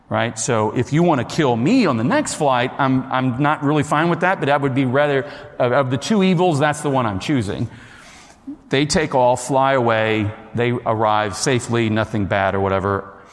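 A man telling a personal story to an audience in a chatty way, talking straight to the listeners and acting out what people said. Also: mid-range voice. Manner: chatty, addresses the listeners directly, acts out quotes. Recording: long hall reverb.

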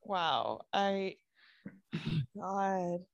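A woman's voice: on the low side, expressive, drawn-out words, vocal fry, lo-fi sound. A woman co-hosting a casual podcast, reacting expressively with frequent laughter. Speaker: podcast co-host. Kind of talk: casual chat.

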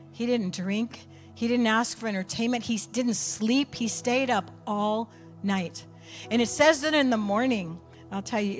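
A woman preaching a sermon, telling a story with animated swings from quiet asides to near shouts. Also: mid-range voice.

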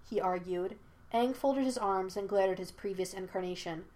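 Woman narrator, audiobook of a fan story, steady and even. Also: mid-range voice, normal speed. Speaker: audiobook reader.

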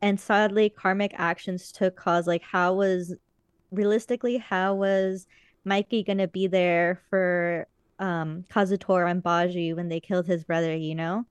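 A woman's voice: lowish voice, little pitch movement, measured pace, smooth, dry recording. A woman chatting casually as a podcast co-host, rambling earnestly with many fillers. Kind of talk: casual chat.

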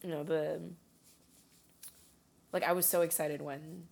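A woman's voice: low voice, takes it slowly, creaky. A woman from Chicago chatting casually, telling stories animatedly with frequent laughs and fillers. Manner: animated storyteller, laughs often, many fillers. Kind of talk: casual chat.

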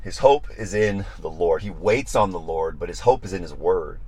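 A man preaching on a Bible study podcast, animated and emphatic, repeating phrases for emphasis and acting out prayers and their answers. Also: deep voice, normal speed, slight background noise.

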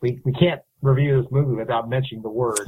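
A husky man co-hosts a movie podcast, adding trivia in casual talk. His voice sounds thin and narrow, like a phone line. He speaks at an average pitch. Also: steady tone, quick pace, no echo. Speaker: podcast co-host. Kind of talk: casual chat.

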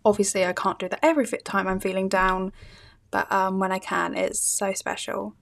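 A woman's voice: mid-range voice, flat delivery, moderate pace, creaky. A young woman from the UK with a British accent, hosting her own podcast episode in a casual, gushing solo chat full of fillers. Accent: British English. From United Kingdom. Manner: chatty, gushing, many fillers and little laughs. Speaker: podcast host.

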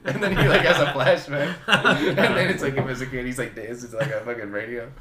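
A man's voice: mid-range voice, fairly quick, crowd noise. Laughing man in a roomy space. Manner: crude, laughing, rambling storytelling. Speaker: podcast co-host. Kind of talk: casual chat.

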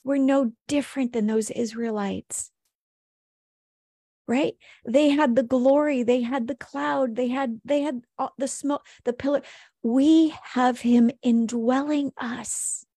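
A woman coaching listeners on a faith-based podcast, pressing her points with earnest, repeated exhortations. Her voice sits a little high but sounds mellow and dark, with a gravelly fry running through it. The sound is dry and close. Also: steady tone, takes it slowly, no echo. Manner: earnest, emphatic, preachy repetition. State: emotional.

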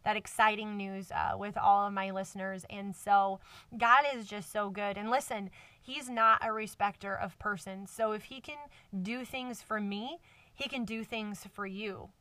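Alone on her casual faith podcast, an emotional woman speaks earnestly and effusively with many fillers, close to tears, into a microphone set in a cardboard box. Her mid-range voice is steady, unhurried, bright and forceful. The mic is distant, with no echo.

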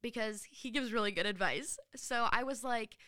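A teenage girl talks straight to her listeners in a casual advice monologue, chatty and full of fillers as she retells her day. Her voice is bright and crisp. The sound is dry and close. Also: fairly high pitch, normal speed, dry recording. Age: teens. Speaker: podcast host.

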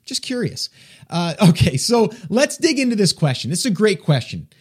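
A man's voice: high voice, very animated, normal speed, slightly rough. A man hosting an advice podcast in a chatty, self-deprecating way, with an East Coast American accent. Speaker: podcast host.

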